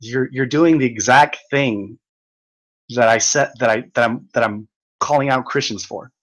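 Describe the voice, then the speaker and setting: Young male streamer, mid-pitched, reads chat aloud and mocks it, swears, laughs a lot. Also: moderate pace, poor audio. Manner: mocking, exasperated, laughs often, swears. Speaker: livestream host reading chat. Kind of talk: ranting livestream chat.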